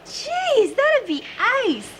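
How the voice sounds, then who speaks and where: A chatty, high-voiced Australian inmate. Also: female voice, huge pitch swings, drawn-out words, a little hiss or hum, heavily acted. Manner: chatty, slangy, eager. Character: cheeky, chatty female inmate. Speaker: prison inmate.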